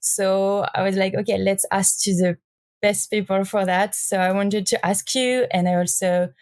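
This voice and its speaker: A woman with a French accent hosting a podcast interview, asking her questions hesitantly with many pauses and restarts. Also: mid-range voice, steady tone, a little mellow, no echo. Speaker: podcast host.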